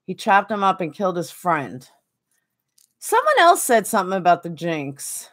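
A woman's voice: fairly low pitch, huge pitch swings, normal speed, fairly bright tone. A woman streaming a game, chatting casually and answering viewers by name. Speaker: game streamer reading chat. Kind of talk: casual chat while gaming.

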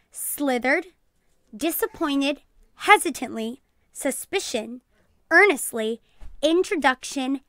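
A woman teacher reading a children's book aloud, clear and deliberate, then asking class questions. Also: high voice, sharp tone, dry recording, clean studio sound. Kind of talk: children's read-aloud lesson.

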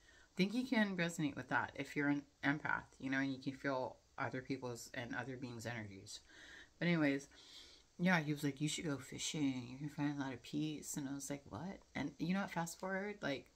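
A woman's voice: very deep voice, brisk. A young woman vlogging to camera in a casual, rambling way, full of fillers and reflective asides. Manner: chatty, frequent fillers, laughs often, reflective.

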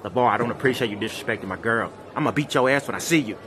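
Fast crude guy doing comedy voiceovers, jumpy pitch, noisy background. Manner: crude, excitable. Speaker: comedy voice-over artist. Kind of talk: comic voice-over dubbing.

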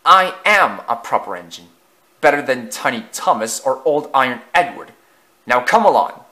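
A man's voice: medium pitch, big pitch swings, moderate pace, sharp tone. A man voicing an arrogant male steam engine in a storybook reading, haughty and snapping. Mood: angry.

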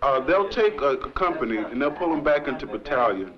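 A young war veteran giving rambling testimony at a panel, full of 'you know'. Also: male voice, mid-range voice, big pitch swings, brisk. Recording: dull old archive recording with crowd.

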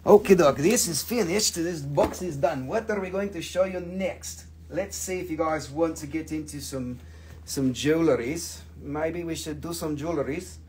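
A man hosting a live crystal sale, joking crudely and playfully while pitching prices. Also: normal speed, darkish tone, slight background noise. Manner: crude, playful, prone to silly voices and jokes. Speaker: host selling crystals on a live stream.

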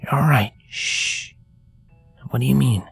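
A man voicing a gentle worried young father. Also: mid-range voice, unhurried, creaky, husky, no room sound, soft background music, pitched above the performer's own voice, heavily acted. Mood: soft soothing. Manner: soft soothing hushing. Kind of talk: fanfiction audiobook reading.

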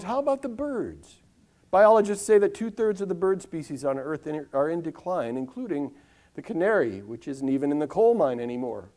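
A man's voice: on the high side, warm tone. Wry older man, comic monologue. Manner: wry, ironic, with dramatic pauses and lists. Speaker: monologist performing for a live audience. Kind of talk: comic spoken-word monologue with news-style delivery. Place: live benefit stage.

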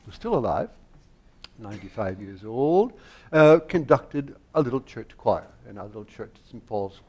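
An older man from the United States spins stories on a public stage with a mid-range voice. He talks in an animated way, laughs often and keeps tripping over his own restarts. Each answer sounds like a guest warming up before an audience. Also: medium pitch, moderate pace, slightly rough. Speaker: guest conductor and harpsichordist. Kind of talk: anecdotal stage conversation.

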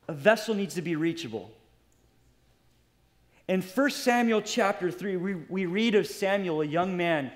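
A man's voice: sits high, expressive, a little slow, pauses often. A man preaching a sermon as pastor, impassioned and putting direct questions to his congregation.

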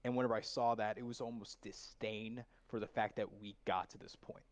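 A man's voice: on the low side, fairly even intonation, brisk. A man being coached as a voice actor, thoughtfully explaining how he approached a scene. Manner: thoughtful, explaining his process at length. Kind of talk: reflective conversation.

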